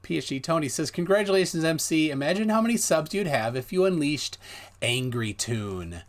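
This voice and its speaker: A man's voice: fairly high pitch, animated, fast talker. A man hosting a casual live stream, reading viewer donations aloud in a jokey, self-mocking way and stumbling over names.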